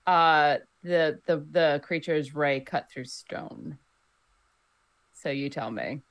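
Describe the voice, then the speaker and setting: A woman's voice: deep voice, slow. A woman playing a tabletop role-playing game, with dry, wry remarks. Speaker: player. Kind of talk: tabletop role-play banter.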